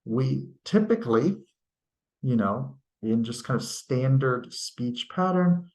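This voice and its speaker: A man's voice: medium pitch, lively intonation, a little mellow. A male teacher giving a recorded lecture, explaining patiently and stopping to act out example sentences. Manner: slow, deliberate, explains patiently with tag questions; demonstrates intonation by acting out sentences.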